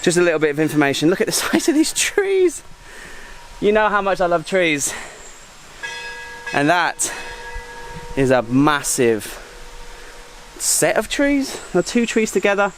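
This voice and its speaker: A man filming a casual travel vlog outdoors, chatty and excitable, making joking asides to the camera while walking through a jungle park. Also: high-pitched, unhurried, pauses often, slight background noise. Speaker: travel vlogger.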